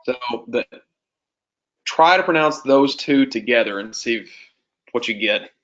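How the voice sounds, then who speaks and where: A man leads a classroom Greek lesson at an unhurried pace, patiently drawing answers out of his students with questions. His voice sits at an ordinary pitch. The recording is dull and lo-fi, as if captured on a modest device in the classroom. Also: lively intonation, a bit bright. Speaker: Greek teacher. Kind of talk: classroom teaching.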